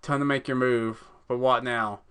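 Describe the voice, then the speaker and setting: Bright-voiced man reading a game aloud. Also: mid-range voice, fairly even intonation, normal speed, smooth. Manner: casual, swears, stumbles over words. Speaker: let's play gamer.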